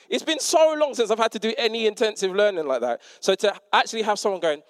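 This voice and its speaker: Young male preacher, chatty storyteller, raised pitch, dry sound. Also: brisk, no echo. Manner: animated, self-mocking, acts out quotes. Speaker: preacher and teacher. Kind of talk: conversational sermon storytelling.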